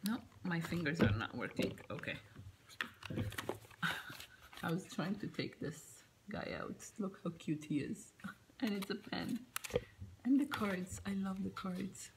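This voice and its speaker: A woman vlogging as she unboxes gifts, gushing over each one and often dropping to a soft whisper. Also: mid-range voice, lively intonation, measured pace, pauses often, very noisy. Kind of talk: unboxing chat to camera. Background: background music.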